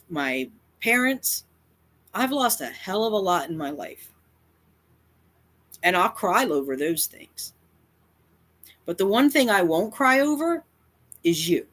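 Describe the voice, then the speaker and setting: Speaking directly to camera, a cat advocacy YouTuber delivers a defiant rant in a mid-range, fairly bright voice. The tone is emphatic and confrontational, with lines frequently repeated for effect.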